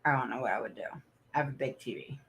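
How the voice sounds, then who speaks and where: Chatty low-voiced middle-aged woman. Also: fast. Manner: chatty, storytelling, laughs often, talks to viewers. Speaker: autism parent advocate livestream host. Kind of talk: casual livestream chat.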